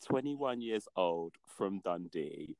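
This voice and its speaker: Deep-voiced chatty man co-hosting a podcast. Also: vocal fry, no echo. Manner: animated, chatty, quick laughter. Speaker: podcast co-host. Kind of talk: casual chat.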